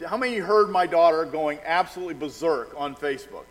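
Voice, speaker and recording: An older male pastor with a slightly high voice, talking in a relaxed, folksy way from the front of a church. His words ring out with a long hall echo around them. He chats and jokes with the congregation between prayers. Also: fast talker. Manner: folksy, chatty storyteller. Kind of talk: church service announcements and prayer. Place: church sanctuary.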